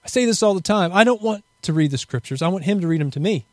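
A man's voice: high voice, animated, fast, dry recording. A middle-aged man preaching a fervent sermon and leading prayer, rising to impassioned peaks and using Hebrew terms.

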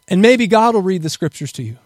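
A man's voice: sits high, animated, quick pace, no echo. A middle-aged man preaching a fervent sermon and leading prayer, rising to impassioned peaks and using Hebrew terms.

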